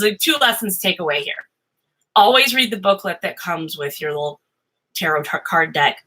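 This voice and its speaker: A woman's voice: on the low side, sharp tone, rough recording. A middle-aged woman chatting casually at her home desk about tarot, rambling and restarting, acting out her own panic in bursts. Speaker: tarot vlogger. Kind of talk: casual chat to camera.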